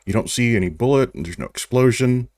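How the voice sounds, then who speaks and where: A man narrating as game master of a tabletop role-playing game, wry and relaxed, with small restarts. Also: medium pitch, fast talker, dry recording, clean studio sound.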